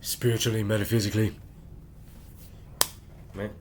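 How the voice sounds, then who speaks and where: A man in a rambling personal monologue, speaking in halting, clipped fragments and tagging nearly every phrase with "right?" in a confrontational way. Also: fairly low pitch, flat delivery, background noise. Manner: insistent, confrontational address. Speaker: vlogger.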